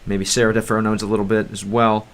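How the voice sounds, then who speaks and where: A man's voice: lowish voice, level tone, fast talker. An American man streaming a game, chatting in a rambling, hesitant way and sounding out foreign words as he goes. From United States. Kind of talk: livestream gameplay chat.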